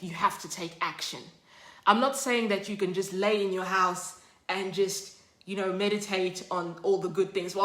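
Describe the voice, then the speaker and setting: A woman hosting a study session, teaching in a chatty, animated way. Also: mid-range voice, reverberant. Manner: chatty, animated storytelling, laughs often. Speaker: study group host. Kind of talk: casual teaching monologue.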